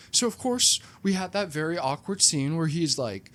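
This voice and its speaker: A comedic movie reviewer tells a film's plot with sarcastic, animated storytelling and lots of "like" fillers. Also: mid-range voice, moderate pace, hardly any pauses. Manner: frequent "like" fillers.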